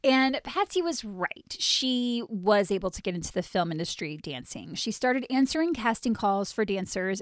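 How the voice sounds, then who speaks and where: A woman hosting a podcast, telling a story from her notes in a wry, animated way between bits of casual chat. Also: mid-range voice, dry recording, studio quality. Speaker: podcast host.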